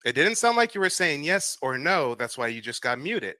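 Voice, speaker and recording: A man's voice: fairly high pitch, sing-song, normal speed, pushed and bright, no echo. An American man hosting a livestream, grilling a caller in a mocking, demanding way and repeating his questions. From United States. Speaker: livestream host. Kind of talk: confrontational live debate.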